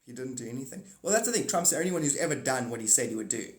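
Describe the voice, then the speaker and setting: A man hosting a live stream, talking in a rambling monologue, animated and swinging between loud outbursts and muttered asides. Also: mid-range voice, rapid-fire, reverberant.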